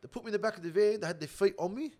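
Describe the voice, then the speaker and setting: A young Australian man telling a rough prison story in casual slang, swearing constantly. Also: high-pitched, racing. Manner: swears heavily, animated slang-filled storytelling.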